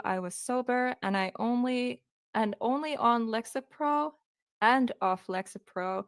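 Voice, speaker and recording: A woman's voice: mid-range voice, smooth, dry recording, clean studio sound. A woman hosting a true crime live stream, telling the case hesitantly and apologizing while holding back tears.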